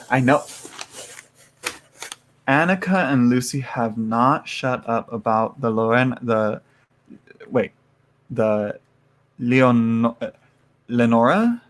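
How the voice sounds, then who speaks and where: A man's voice: medium pitch, slow pace, long pauses, slight background noise. A man chatting casually to live viewers as he unboxes a tarot haul, rambling with many fillers and small asides.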